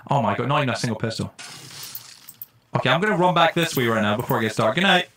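A man doing casual live-stream commentary while playing a game, jokey and excitable, swearing when startled. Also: medium pitch, quick pace.

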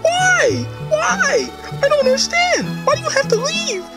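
Squeaky tearful little caterpillar. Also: male voice, very animated, measured pace, loud music behind the voice, full character voice. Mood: distraught pleading. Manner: whiny, high, pleading. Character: small tearful young caterpillar creature, pleading.

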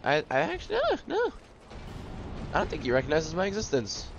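A man's voice: fairly high pitch, wildly swooping pitch, a little fast, vocal fry, lo-fi sound, background noise. A young man giving live commentary on a video game, exclaiming and joking about his own failures. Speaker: video game let's player.

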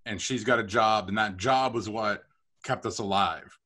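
A middle-aged man telling stories about his career as a podcast guest, chatty and animated with self-deprecating humor. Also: lowish voice, normal speed. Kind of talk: storytelling interview.

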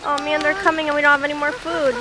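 A woman's voice: high voice, level tone, racing. A woman filming her young child outdoors by a pond, coaxing and encouraging in a sing-song way on a handheld camcorder. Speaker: mother filming her toddler. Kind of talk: home video chatter. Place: outdoors by a pond in cold weather. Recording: noisy outdoor home video, traffic nearby.

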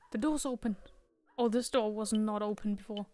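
A woman's voice: mid-range voice, normal speed, dark tone, dry recording. A woman giving casual, jokey commentary while playing a horror game, talking to the characters on screen. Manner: chatty, jokey, talks to the game. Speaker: let's play streamer.

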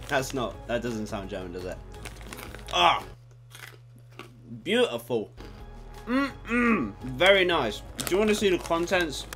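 A man's voice: a little high, slow, long pauses, soft background music. Rambling young British guy vlogging. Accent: British English. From Britain. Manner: rambling, excitable, swears casually. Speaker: YouTuber. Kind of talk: casual vlog chat to camera. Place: home room at night.

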